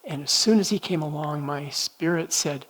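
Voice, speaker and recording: A man leading a church prophetic training night, telling personal stories in a gentle, conversational way with halting restarts. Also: fairly high pitch, a little hiss or hum, low-quality recording. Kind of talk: teaching talk with personal storytelling. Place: church meeting room.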